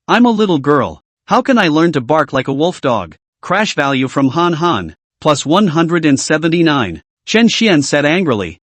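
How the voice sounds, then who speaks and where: A man's voice: fairly high pitch, no echo. A man narrating a scripted comic story recap, reading every character's lines in his own voice. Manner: reads all dialogue in one lively voice.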